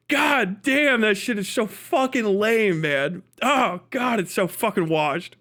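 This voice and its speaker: A man's voice: high-pitched, animated, a little slow, few pauses, bright, forceful tone. A man hosting a livestream, reacting with profane, mocking commentary and frequent laughter. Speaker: livestream host.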